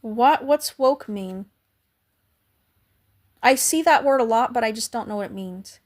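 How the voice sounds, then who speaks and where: A woman's voice: fairly high pitch, a little slow, a little mellow. A young adult woman hosting a casual livestream, chatting and thanking viewers by name, her voice cracking now and then. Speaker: livestream host.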